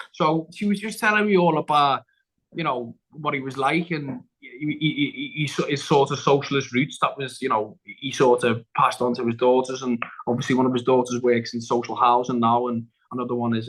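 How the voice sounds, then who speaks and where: Pitched on the high side with a slightly bright quality, the man's voice comes through a rough recording. He's an actor guesting on a podcast, chatting casually through a lengthy story, backtracking often and performing other people's lines.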